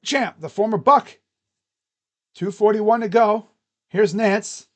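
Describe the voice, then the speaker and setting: Man, high-ish voice, live-stream play-by-play, swings between excited calls and muttered chat. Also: takes it slowly. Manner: excitable calls that drop to mumbled asides. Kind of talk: casual live play-by-play commentary.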